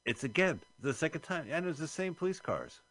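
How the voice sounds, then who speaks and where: A man's voice: a little high, sing-song, a little fast, fairly bright tone. A man co-hosting a radio show, casually commenting on a film as he watches and explaining scenes with the odd swear. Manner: laid-back, swears casually, explains as he goes.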